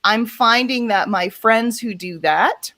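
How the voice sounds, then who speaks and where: A woman's voice: fairly high pitch, takes it slowly, pushed and bright, no room sound. Chatty woman guest, dry sound. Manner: chatty, lots of likes and ums. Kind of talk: casual chat.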